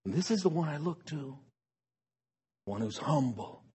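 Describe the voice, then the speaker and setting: A man preaching a sermon, swinging between hushed, drawn-out phrases and sudden emphatic bursts. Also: fairly high pitch, lively intonation, slightly rough.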